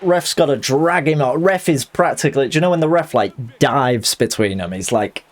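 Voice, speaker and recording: A man's voice: mid-range voice, lively intonation, moderate pace, hardly any pauses. A young man chatting casually while streaming a fighting game, joking and putting on voices. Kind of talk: live game commentary.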